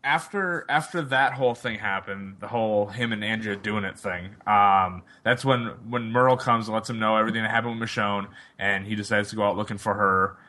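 Male co-host, bright forceful tone, animated and incredulous recap. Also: on the low side, a little fast, hardly any pauses. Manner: animated, incredulous, quotes characters mockingly. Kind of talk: casual discussion of a TV episode.

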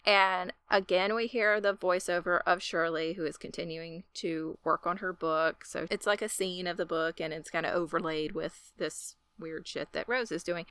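A woman's voice: lowish voice, smooth, dry recording. A woman co-hosting a casual chat, retelling film scenes with jokey asides. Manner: lively storyteller, jokey asides. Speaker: podcast co-host.

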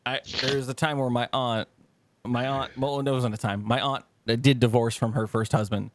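A man co-hosting a casual podcast chat, rambling and swearing, his pitch jumping high when he quotes himself. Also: little pitch movement, normal speed, noisy background. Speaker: podcast co-host.

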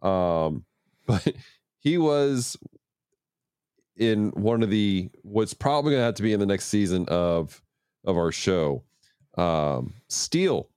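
A man's voice: fairly low pitch, expressive, takes it slowly, pauses often, a little mellow, smooth, no echo, studio quality. A man co-hosting a casual movie review podcast, rambling and mocking, full of fillers. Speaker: podcast co-host.

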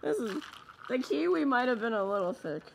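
A woman's voice: on the high side, sing-song, normal speed, creaky. A woman co-hosting a live show, tasting drinks with playful, giggly banter.

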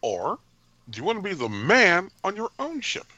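A man's voice: sits high, wildly swooping pitch, moderate pace, sharp tone, dry recording, muffled recording. A man co-hosting a podcast, musing and playfully arguing in casual chat. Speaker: podcast co-host.

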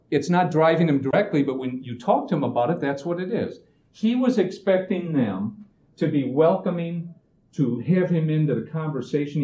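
Giving a casual motivational talk about expectations, a man speaks in a medium-pitched voice, with poor audio and an echoey room. He's an animated storyteller who acts out what people said and often restarts his phrases.

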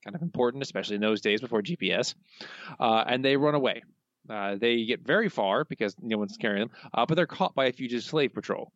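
Podcast guy summing up the plot, dry and deadpan, kinda muffled dull mic, no room sound. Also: medium pitch, fast, no echo. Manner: dry, matter-of-fact plot recapping. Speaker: podcast co-host. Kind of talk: casual podcast chat.

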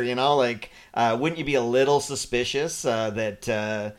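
Animated man in casual podcast chat. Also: medium pitch, moderate pace, clean tone. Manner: animated, acts out quotes. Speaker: podcast co-host.

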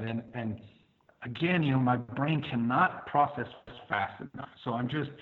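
A man's voice: mid-range voice, expressive, brisk. A man telling a personal story in a conversational way, with fillers, acting out his own thoughts. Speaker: podcast guest, firefighter telling his story. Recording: tinny phone-like line.

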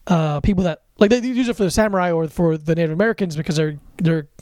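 A man's voice: a little high, fast, a little mellow, no room sound, clean studio sound. A man co-hosting a podcast in casual chat, joking and teasing. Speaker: podcast co-host.

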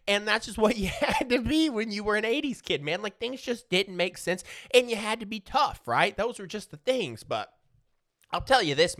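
Man, forties, casual profane storyteller, animated pitch, bright tone, laughs a lot. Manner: profane, rambling, laughs often.

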